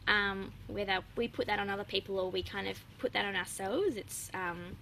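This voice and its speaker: A young woman talks openly and chattily as an interview guest, with plenty of ums and likes. Her voice is bright and forward, and faint noise sits behind it. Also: mid-range voice, steady tone, moderate pace, creaky, rough recording. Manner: open, chatty, laughs often, many fillers. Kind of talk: casual interview chat.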